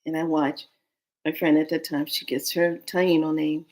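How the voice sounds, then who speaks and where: Woman, low-ish voice, animated storyteller who voices the other people in the story and slips into whispers. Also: normal speed. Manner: drops to a hushed whisper for tense moments. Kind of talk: personal storytelling.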